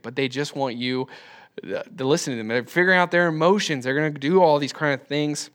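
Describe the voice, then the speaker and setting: A man's voice: on the high side, fairly quick, fairly bright tone, clean tone. A man in his twenties teaching a church class in a loose, rambling way, with many fillers and restarts. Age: 20s. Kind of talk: casual classroom talk.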